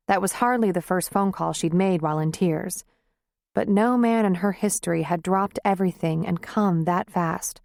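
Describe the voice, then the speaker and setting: A woman reading a romance novel aloud in a measured, even storytelling manner. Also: lowish voice, creaky, no echo, clean studio sound. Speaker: audiobook narrator. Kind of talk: scripted narration.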